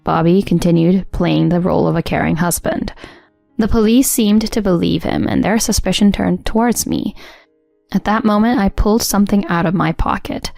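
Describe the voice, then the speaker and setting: A woman narrating a first-person story in an even, composed way. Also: medium pitch, creaky, dry recording. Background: soft music.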